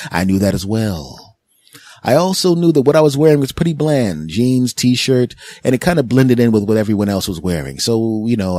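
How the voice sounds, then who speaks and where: A man's voice: fairly low pitch, a little mellow, dry recording, studio quality. A middle-aged man from Philadelphia hosting a podcast, telling a casual comedic story and mocking the people he quotes in put-on voices. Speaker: podcast host.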